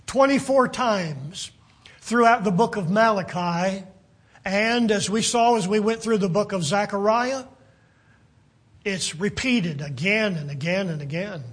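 Slow, breathy-voiced preacher. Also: male voice, high voice. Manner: earnest, deliberate, dropping to a near-whisper for emphasis. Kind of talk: sermon.

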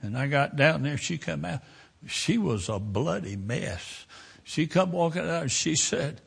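A man preaching a sermon, telling a story in a folksy, unhurried way. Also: fairly high pitch, animated, creaky, fairly bright tone, slightly rough. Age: 70s. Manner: folksy storytelling, drawn-out pauses.

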